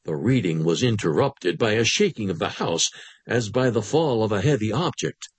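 A man narrating a literary short story aloud in an expressive storytelling manner. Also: on the low side, moderate pace, slightly rough, dry recording.

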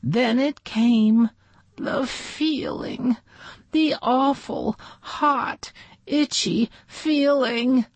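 A woman reading a children's storybook aloud in an expressive, lively way. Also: sits high, very slow, no echo. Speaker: storybook reader.

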